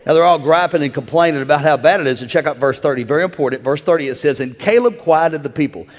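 Pastor, male, high voice, call-and-response sermon, rising to shouts, big echoing church hall. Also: quick pace. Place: large church auditorium. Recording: long hall reverb.

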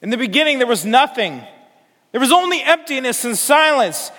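A man preaching a sermon in slow, deliberate phrases that build to emphatic declarations. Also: very high voice, very animated, pushed and bright. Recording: long hall reverb.

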